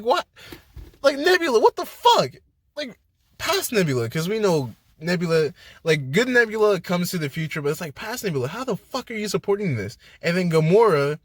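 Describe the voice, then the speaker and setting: A young man giving a casual spoiler movie review, excitable, slangy and full of swearing. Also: fairly high pitch, no echo. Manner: hyped, profane, slangy storytelling.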